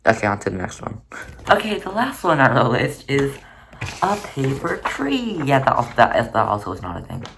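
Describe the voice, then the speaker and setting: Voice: medium pitch, very animated, a little fast, vocal fry, noisy background. A crafting vlogger narrating their own paper project in a rambling, chatty, self-mocking way. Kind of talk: casual narrated crafting vlog.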